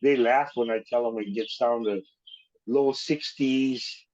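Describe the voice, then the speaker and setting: A man from Hawaii hosting a relaxed, conversational interview and asking easygoing questions. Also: medium pitch, unhurried. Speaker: host. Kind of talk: casual interview. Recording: dull lo-fi sound.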